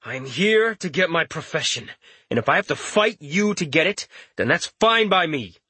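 A man's voice: on the high side, animated, normal speed, sharp tone, slightly rough, no echo, heavily acted. A man voicing a defiant young fighter. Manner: blunt and challenging. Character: angry defiant young male adventurer.

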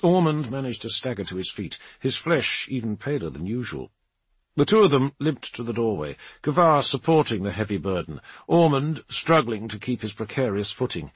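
A man narrating an action audiobook in a dramatic, lively reading. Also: mid-range voice, moderate pace, husky, no echo. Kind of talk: scripted narration.

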